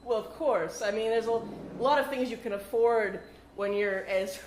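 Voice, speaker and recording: A woman's voice: fairly high pitch, a little mellow, lightly acted. A woman in an improv comedy scene, playing a male star athlete who stammers through an apology at a press conference, recorded in an echoey coffeehouse. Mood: flustered. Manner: halting, apologetic, full of stammers and fillers. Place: coffeehouse stage. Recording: echoey coffeehouse room, faint noise.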